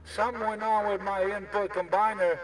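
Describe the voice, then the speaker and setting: A man chatting over CB radio, speaking in a drawn-out way full of radio jargon. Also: high voice, level tone. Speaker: CB radio operator. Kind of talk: casual CB radio chat with trucker lingo. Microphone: CB radio handset. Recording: distant radio voice with crowd noise.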